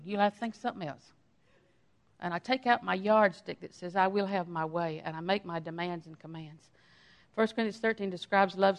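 A woman's voice: medium pitch, a bit bright. A middle-aged woman giving a sermon in a conversational way, acting out quotes of her own everyday talk. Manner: conversational preaching with acted-out quotes of herself. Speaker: preacher.

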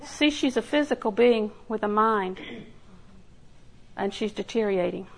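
An older woman with a medium-pitched voice and vocal fry preaches unhurriedly, telling homey stories in a folksy way. She acts out little quotes and laughs along, though the recording quality is low.

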